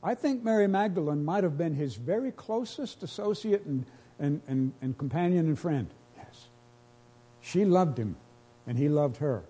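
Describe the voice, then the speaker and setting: A man's voice: a little high, expressive, normal speed, warm tone, husky. A pastor preaching a sermon to his congregation, earnest and emotional, repeating phrases as he builds each point.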